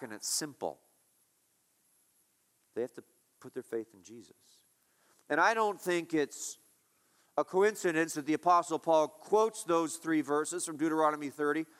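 A man's voice: sits high, fairly bright tone. A male pastor preaching a sermon, emphatic and repetitive, asking his listeners rhetorical questions.

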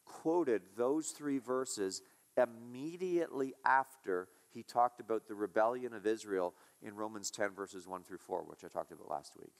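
A male pastor preaching a sermon, emphatic and repetitive, asking his listeners rhetorical questions. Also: medium pitch.

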